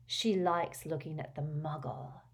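A woman plays a deranged young man, cruel and gleeful, half whispering as he taunts his sister. The hiss and crackle in his voice sound unsettling. A low-pitched storybook villain. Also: a little slow, slightly rough, heavily acted. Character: unhinged vicious young man, hissing and gleeful.

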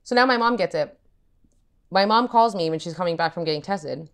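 A woman co-hosting a casual podcast tells a family story in a loose, chatty way. She swears freely and slips into quick impressions of her relatives as she goes. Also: fairly low pitch. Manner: animated, swears a lot, acts out family members. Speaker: podcast co-host.

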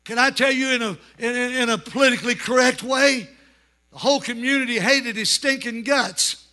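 A man preaching a revival sermon in a church, shouting and telling stories with dramatic flair. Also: very high-pitched, fairly even intonation, normal speed. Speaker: pastor. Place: church sanctuary.

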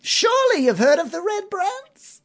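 A man voicing a petty, easily outraged male shopkeeper, haughty and shrill, drawing out his words to stress the price. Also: big pitch swings, unhurried, a bit bright, exaggerated voice.

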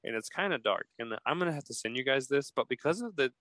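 A man's voice: mid-range voice, fast, no room sound, poor audio. A man hosting a podcast, telling a story casually and acting out the quoted text messages. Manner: animated, acts out quoted texts. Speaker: podcast host.

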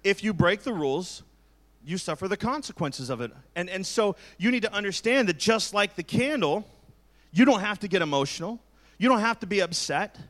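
A man's voice: sits high, expressive, moderate pace, fairly bright tone. Joking, candid male pastor preaching. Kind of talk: sermon.

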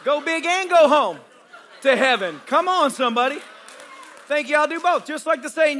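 A male pastor preaching a charismatic sermon at a live church service, shouting and joking with the congregation. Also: very high-pitched, expressive, moderate pace. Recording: live church recording with crowd and noise.

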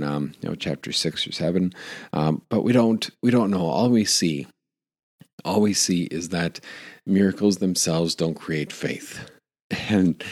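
Deep-voiced male pastor preaching. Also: a little mellow. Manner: conversational with fillers and restarts, laughs lightly. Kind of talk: sermon.

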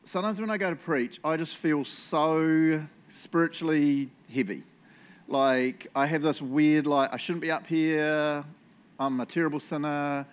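A male pastor giving a casual, conversational sermon and prayer, self-deprecating and often ending lines with "eh?" or "right?". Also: fairly high pitch. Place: church.

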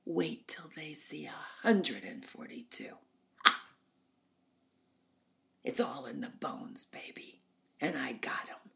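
A woman voicing the ghost of an aging female silent-film diva, in a husky low whisper with an imperious, drawling manner. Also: huge pitch swings, slow pace, long pauses, fairly bright tone, full character voice.

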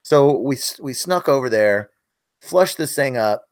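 A man's voice: medium pitch, animated, measured pace, dry recording, studio quality. A middle-aged man co-hosting a casual podcast, telling a hunting story in an earnest, self-critical way. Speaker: podcast co-host, hunting video maker. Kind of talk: casual chat.

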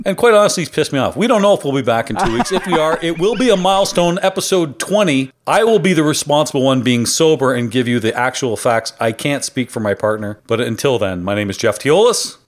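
Animated man swapping stories on a podcast. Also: mid-range voice, a little fast, few pauses. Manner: animated storyteller, swears freely. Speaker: podcast co-host. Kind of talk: casual podcast chat.

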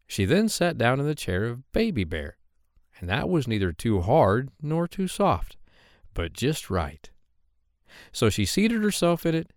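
Male bedtime-story reader, animated delivery, dry booth sound. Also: fairly low pitch, no room sound. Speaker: bedtime story podcast host.

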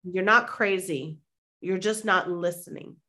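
A woman, a mindset and manifestation coach, telling a lively personal story as a podcast guest and acting out the people in it. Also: lowish voice, measured pace. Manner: animated, acts out quoted voices; conversational with fillers like "like". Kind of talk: anecdotal storytelling in an interview.

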